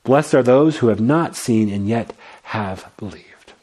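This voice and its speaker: Male pastor, mid-pitched, earnest sermon delivery with repeated words and lively-to-hushed swings. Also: unhurried.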